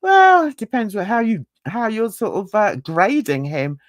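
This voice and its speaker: A woman's voice: mid-range voice, huge pitch swings, moderate pace, no echo, clean studio sound. A woman on a livestream panel, chatting casually, laughing often and mimicking other people's voices.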